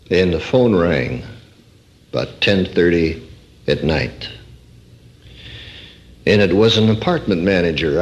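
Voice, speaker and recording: Older male preacher, sermon, unhurried delivery, pitch swinging widely, storytelling. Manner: animated storytelling, quoting scripture with rising emphasis.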